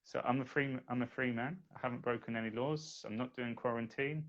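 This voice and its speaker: A man's voice: medium pitch, steady tone, brisk. A man telling a personal story in a casual podcast chat, quoting the people involved as he goes. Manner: recounts events plainly, quotes others. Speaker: guest. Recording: dull lo-fi audio.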